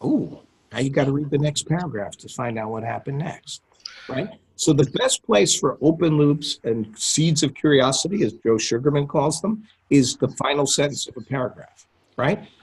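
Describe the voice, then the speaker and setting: A man's voice: mid-range voice, expressive, moderate pace, husky. A man teaching copywriting on a group call, talking conversationally and often checking in with his listeners. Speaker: copywriting coach. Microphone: call audio.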